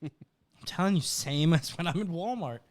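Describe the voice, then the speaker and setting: A man with a somewhat high voice, co-hosting a loose podcast chat. He jokes freely and swears in passing. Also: expressive, moderate pace. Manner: joking, profane banter. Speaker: podcast co-host. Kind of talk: casual chat.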